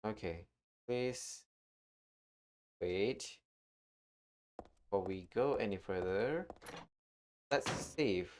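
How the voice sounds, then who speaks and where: A man's voice: on the low side, animated, a little mellow, slight background noise. A man streaming a horror game live, talking through the play and reading in-game documents aloud. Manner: reads in-game text aloud, unhurried. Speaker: gaming streamer. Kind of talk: live-streamed gameplay commentary.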